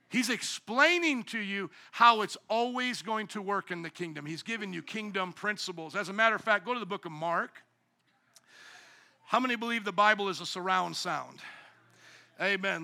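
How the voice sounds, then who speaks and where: A man preaching a sermon as pastor, animated, acting out little voices and sometimes shouting. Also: high voice, a little fast.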